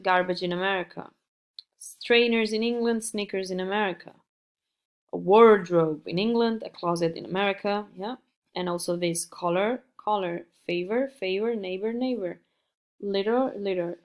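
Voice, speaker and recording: A woman teaching an English lesson, repeating words slowly and carefully for her learners. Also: mid-range voice. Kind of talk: recorded online English lesson.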